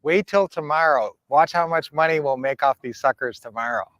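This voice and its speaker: A man's voice: a little high, normal speed, lo-fi sound, background noise, close to an everyday voice. A man doing a scheming talking dog. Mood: sly. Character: sly male talking dog, a con artist.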